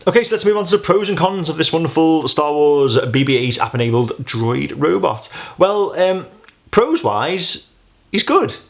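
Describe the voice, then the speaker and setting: A man with a gravelly, fry-laced voice reviews a gadget in a loose, unscripted way. He rambles and circles back, padding his points with plenty of filler phrases. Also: fairly high pitch, expressive, normal speed. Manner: rambling, chatty, many "you know"s. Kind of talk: casual unboxing review.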